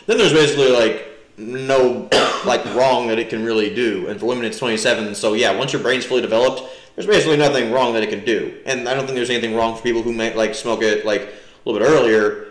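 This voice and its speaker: A man's voice: medium pitch, fast talker. A young man from New Jersey, a podcast guest chatting casually and rambling with lots of fillers. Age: young adult. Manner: rambling, heavy "like" fillers, animated. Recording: roomy echo.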